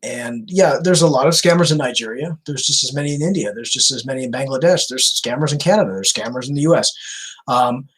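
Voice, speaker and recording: A man's voice: medium pitch, fast, fairly bright tone, breathy edge, rough recording. A man who baits scammers, answering viewer questions in a chatty Q&A livestream, repeating himself with many fillers. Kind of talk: casual Q&A livestream.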